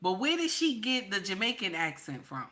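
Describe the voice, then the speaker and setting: A woman from the New talks straight to her viewers, with a bright, forceful tone. She is blunt and emphatic, and she hammers her points home by saying them again and again. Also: mid-range voice, big pitch swings, normal speed, poor audio. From New York / New Jersey area. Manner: blunt, emphatic, repeats lines for stress. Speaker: online commentator. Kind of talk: casual political commentary vlog.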